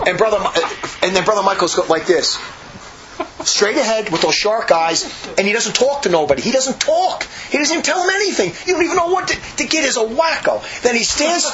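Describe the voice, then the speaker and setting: A high-voiced man hurries through a meandering tale, repeating himself and starting sentences over, with lively intonation. Speaking casually like a monk recalling his days at the monastery, he's captured on a slightly muffled recording with a faint hum underneath.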